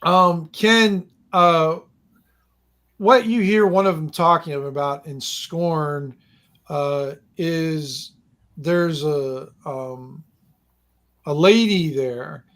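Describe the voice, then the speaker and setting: A man narrating a tabletop game as game master, rambling and halting with lots of fillers. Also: fairly high pitch, fairly bright tone.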